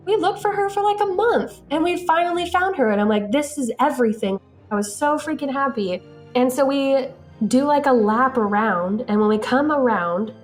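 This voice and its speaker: A woman casually telling a story, acting out the dialogue and saying "like" a lot. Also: on the high side. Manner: animated, acts out quoted dialogue, frequent "like". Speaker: interviewee recounting events.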